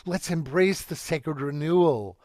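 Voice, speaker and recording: A man's voice: a little high, a little slow, darkish tone, no echo, clean studio sound. A man speaking on a video call, earnest and affectionate, with spiritual phrasing. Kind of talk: casual chat.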